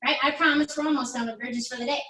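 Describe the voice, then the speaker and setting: High-voiced woman coaching a workout. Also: fairly even intonation, fast talker, pushed and bright. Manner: encouraging, chatty, counts down reps. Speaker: pilates instructor. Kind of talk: workout class instruction. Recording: echoey room, mic at a distance.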